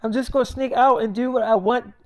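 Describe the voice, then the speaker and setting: A woman voicing a stubborn young werewolf wife who talks back to her mother in a lower, softer voice. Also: fairly even intonation, brisk, natural voice. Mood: defiant.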